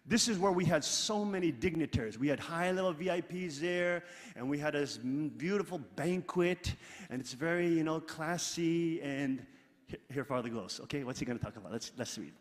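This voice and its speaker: A middle-aged man preaching a sermon, emphatic and animated, loud exclamations alternating with quiet asides, leading his congregation in reading aloud. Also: a little high, moderate pace. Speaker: pastor. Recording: long hall reverb.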